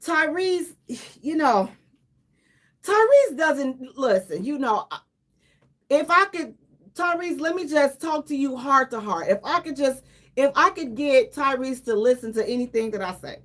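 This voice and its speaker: This high-pitched radio host speaks a little slowly, offering lively, informal commentary. She stresses points by repeating herself and laughs between remarks.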